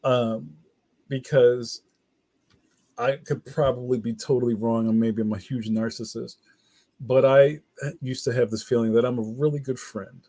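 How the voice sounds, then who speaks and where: A middle-aged man hosting a casual livestream chat, talking to viewers in a relaxed, slangy way and reading their comments aloud. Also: mid-range voice, a little slow. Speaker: livestream host.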